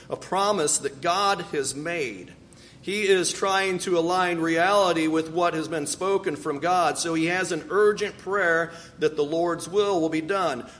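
High-voiced man preaching a sermon. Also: a bit bright, a little hiss or hum. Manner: reads scripture aloud, then explains it. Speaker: pastor.

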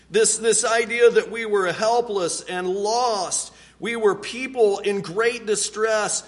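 Unhurried earnest male preacher. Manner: earnest, drops to a hushed low voice on key words; unhurried, deliberate delivery with pauses. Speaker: pastor. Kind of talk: sermon.

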